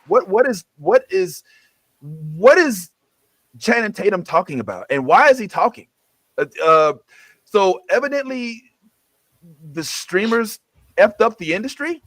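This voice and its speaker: A man's voice: high voice, big pitch swings, normal speed, fairly bright tone, dry recording. A man hosting a casual group chat show, laid-back and drawling, often trailing off and restarting. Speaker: podcast host.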